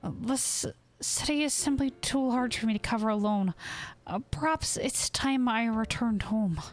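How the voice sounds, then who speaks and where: A woman voicing a poised, formal young woman on a search, with a British-leaning put-on accent and measured, proper speech while reading game dialogue aloud. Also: a little high, soft background music, voice pushed up, natural voice. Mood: composed.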